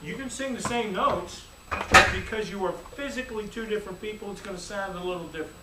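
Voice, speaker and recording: A man, a music teacher, giving a lively, playful classroom lecture full of demonstrations. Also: high voice, fast, heavy background noise. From United States. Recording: echoey room, distant mic, faint ambience.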